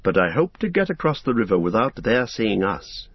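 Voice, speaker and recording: A man's voice: on the low side, very animated, moderate pace, slightly rough, no room sound, full character voice. A man reading a grave, thoughtful young hobbit. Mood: terse. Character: earnest, serious young male hobbit hero. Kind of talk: audiobook reading. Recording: dull, dry recording.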